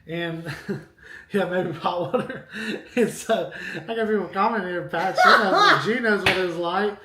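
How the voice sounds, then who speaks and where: A man with a notably high voice tells a long, rambling story on a casual live stream. He talks animatedly and keeps turning to address his viewers. The sound carries the echo of a hard-walled room. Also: expressive, unhurried, heavy background noise. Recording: echoey room.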